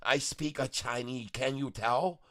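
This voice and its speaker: Guy doing a bragging character w a put-on taiwanese accent, broken english, slow, smooth bright voice. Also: medium pitch, voice pushed up, lightly acted. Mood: boastful. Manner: broken grammar, boastful, giggly. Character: boastful adult male "Catfish of Taiwan" in broken English. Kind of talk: silly livestream character bit.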